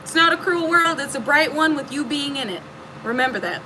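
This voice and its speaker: A woman's voice: high voice, lively intonation, brisk, pushed and bright, slight background noise, rough recording. A woman giving a casual spiritual reading to her viewers, emphatic and preachy, swearing freely. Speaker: spiritual reader.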